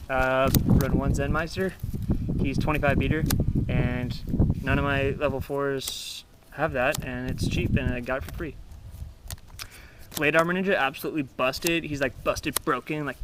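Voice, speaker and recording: A young man casually showing off his card game deck, rambling and crude, acting out opponents with loud outbursts. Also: medium pitch, fairly even intonation, moderate pace, noisy background. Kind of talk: casual profanity-laden deck profile.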